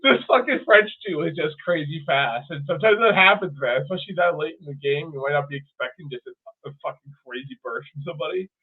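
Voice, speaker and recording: A man co-hosting a podcast, chatting casually and profanely about sports in an animated way. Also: a little high, fast talker, hardly any pauses, breathy edge. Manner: animated, profane, mimics players in funny voices. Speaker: podcast co-host. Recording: tinny phone-like audio.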